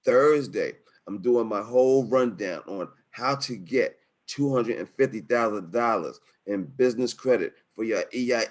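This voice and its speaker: Hyped-up man hosting a webinar. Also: on the low side. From New York City. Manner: energetic, slangy, emotional. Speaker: webinar host. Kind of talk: hyped-up casual webinar wrap-up. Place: home setup in Harlem. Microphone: video call.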